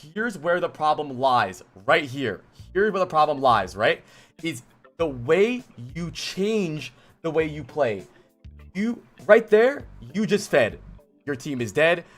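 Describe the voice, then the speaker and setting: A man streaming a gameplay vod review, blunt and exasperated, swearing and yelling at the player he coaches. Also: a little high. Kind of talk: livestream game vod review.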